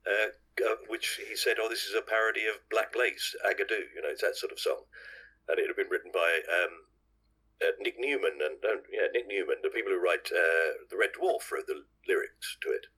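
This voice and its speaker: An older man from England chats as a podcast guest, telling long, rambling stories full of asides and self-corrections. His voice sits very low with a husky edge. He sounds bright and forceful despite the depth. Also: brisk, low-quality recording. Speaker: podcast guest, actor and singer. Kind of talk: anecdotal interview chat.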